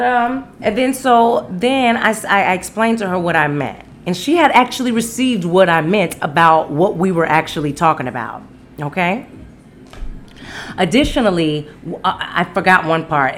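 Candid, laughing young woman telling a story. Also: a little hiss or hum. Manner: candid, profane and laughing, with big pitch jumps when quoting. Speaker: podcast host and singer. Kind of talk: casual storytelling rant.

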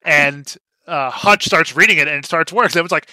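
A young adult man co-hosting a casual movie recap podcast, relaxed with lots of fillers, getting animated when he retells scenes. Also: on the high side, normal speed, few pauses, dry recording. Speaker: podcast co-host.

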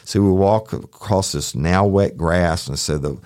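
Man, former deputy, folksy profane storyteller; deep voice, dry studio sound. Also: unhurried, a little mellow, dry recording. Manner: casual, profane, folksy, addresses listeners as y'all. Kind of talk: true crime storytelling podcast.

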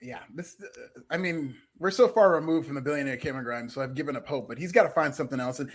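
A man co-hosting a podcast, talking excitedly and joking about wrestling in casual chat. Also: mid-range voice, fast talker, husky. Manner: excitable, jokey, laughs often. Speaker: podcast co-host.

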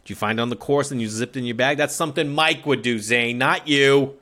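A man's voice: mid-range voice, brisk, pushed and bright. A man hosting a golf podcast, teasing his callers in loose, joking chat. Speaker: podcast host. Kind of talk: casual comedic podcast talk.

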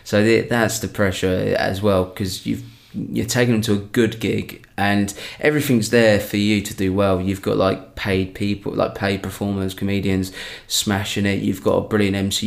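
A man's voice: lowish voice, vocal fry. A young man, a stand-up comedian, chatting casually on a podcast and rambling through many restarts.

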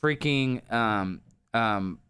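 A man in his thirties, a guest telling rambling, animated stories with lots of fillers. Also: mid-range voice, very slow, clear, resonant tone, no echo, clean studio sound. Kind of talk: casual interview storytelling.

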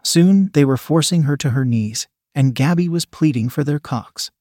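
A man's voice: fairly high pitch, normal speed, mellow, no room sound, studio quality. Man narrating an adult story.

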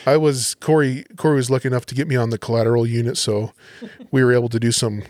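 A man's voice: medium pitch, fast talker, no echo. Male podcast guest, police officer, casual storyteller, dry studio sound. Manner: relaxed, animated storyteller acting out quotes.

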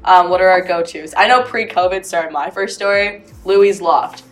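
A woman's voice: on the low side, steady tone, moderate pace. A young woman co-hosting a student podcast, upbeat and steering the conversation on to new topics. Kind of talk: casual chat.

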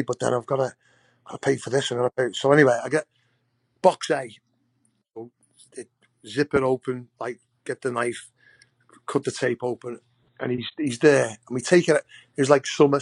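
A man spins loose, rambling anecdotes as a podcast guest. He restarts his sentences often and talks at an ordinary middle pitch. His voice sits close to the mic in a dry space with no room echo. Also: steady tone, a little fast, creaky, pauses often, husky. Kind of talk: casual storytelling.

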